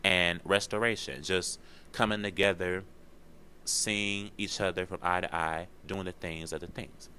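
Male podcast host, lowish bright voice, slangy and expressive, swears freely. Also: a little slow, slight background noise. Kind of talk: casual podcast monologue.

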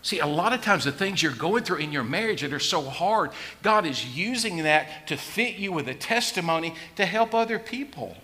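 A middle-aged man preaching a sermon in a folksy, joking way, dropping to a hush and rising to a shout. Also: fairly high pitch, animated, normal speed, few pauses. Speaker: pastor.

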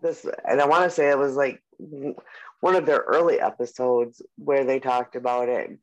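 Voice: mid-range voice, fairly even intonation, moderate pace. Forty-something podcast cohost rambling along, lots of likes and ums, muffled lo-fi sound. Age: 40s. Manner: rambling, full of "like" and "um", casual swearing. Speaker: podcast co-host. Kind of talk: casual chat. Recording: muffled lo-fi audio.

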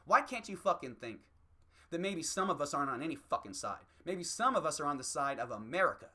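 A man's voice: fairly high pitch, very animated, brisk, bright, forceful tone. A man doing a heated, profane stand-up rant as a comedian.

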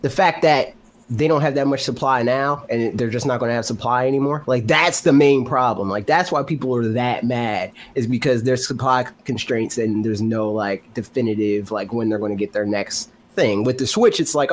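A man on a live gaming podcast makes his case in a casual, opinionated way, filling his sentences with "like". His pitch stays at a middle level, and a faint layer of noise sits behind him. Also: moderate pace. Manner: opinionated, explains with repeated "like". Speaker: podcast co-host. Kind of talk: casual chat.

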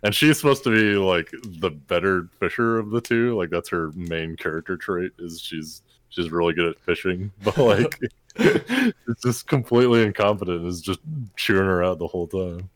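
A man's voice: low voice, animated, moderate pace, dry recording. A man co-hosting a casual talk show, adding laid-back, chuckling commentary about a movie. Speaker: podcast co-host. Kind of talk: casual movie recap chat.

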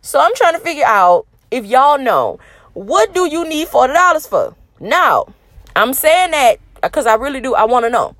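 A young adult woman hosting a casual podcast alone, ranting bluntly with swearing and an animated, lively delivery. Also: high voice, normal speed, dry recording. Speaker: podcast host. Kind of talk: casual solo podcast talk.

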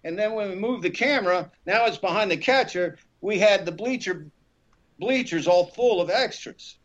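A middle-aged actor from Alabama telling rambling, animated stories in a podcast interview, acting out quotes with many fillers. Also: male voice, sits high, moderate pace, dull audio. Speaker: actor guest.

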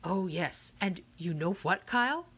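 A woman's voice: fairly low pitch, animated, measured pace, fairly bright tone, husky, full character voice. A woman voicing an eccentric, cheerful game-maker man who speaks with grand, theatrical courtesy. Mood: grandly courteous.

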